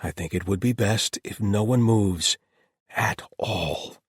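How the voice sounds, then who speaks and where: A man voicing a male paladin warrior who speaks with eerie, measured calm. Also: deep voice, slightly rough, no room sound, clean studio sound.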